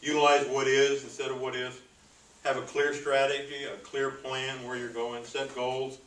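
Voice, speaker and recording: A man's voice: mid-range voice, level tone, normal speed, a bit bright. A man giving a motivational business talk as a coach, telling stories and checking in with his listeners as he goes. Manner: anecdotal, checks in with "okay?" and "right?". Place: meeting hall. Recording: roomy echo, distant mic.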